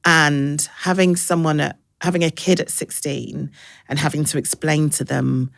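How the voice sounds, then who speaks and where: Low gravelly woman, reflective. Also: measured pace, no room sound, studio quality. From England. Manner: reflective, quotes others in animated high voice. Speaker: guest. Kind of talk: candid conversational interview.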